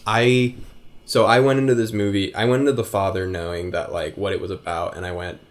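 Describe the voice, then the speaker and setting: A man co-hosting a casual film review podcast, relaxed, with short agreeing replies between longer thoughts. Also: fairly low pitch, brisk. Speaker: podcast co-host.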